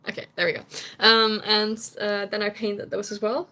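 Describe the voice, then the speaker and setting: A woman's voice: mid-range voice, steady tone, normal speed, sharp tone. A young Dutch woman, whose first language is Dutch, chatting casually with viewers on a stream, laughing often and sometimes searching for English words. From Netherlands.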